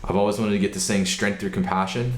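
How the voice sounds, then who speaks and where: Deep-voiced man hosting a casual chat. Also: fast, a little hiss or hum. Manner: relaxed, filler-heavy. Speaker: podcast host. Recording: roomy echo.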